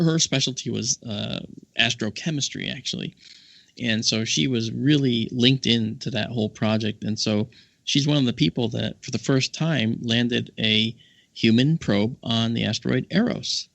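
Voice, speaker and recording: A man on a casual podcast, telling a lively anecdote and acting out the people he quotes with big jumps in his voice. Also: vocal fry, no echo. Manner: animated storyteller, acts out quoted voices with big pitch jumps. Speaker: podcast co-host. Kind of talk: casual storytelling chat. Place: home office.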